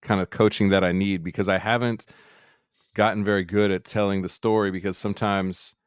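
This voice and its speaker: A chef on a podcast musing about himself in a rambling, self-questioning way. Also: male voice, deep voice, little pitch movement, a little fast, clean tone, no echo, clean studio sound. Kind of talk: candid podcast conversation.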